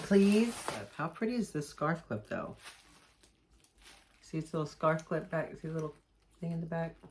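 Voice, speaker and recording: Excited woman vlogger, slightly low voice, gushing unboxing chat with lots of restarts. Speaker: jewelry maker unboxing mail. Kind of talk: casual unboxing vlog chat.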